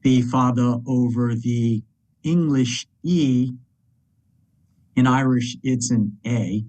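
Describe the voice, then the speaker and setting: Slow, careful man explaining pronunciation. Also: medium pitch, steady tone, darkish tone, poor audio. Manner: careful, deliberate, spells out sounds. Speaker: student presenter.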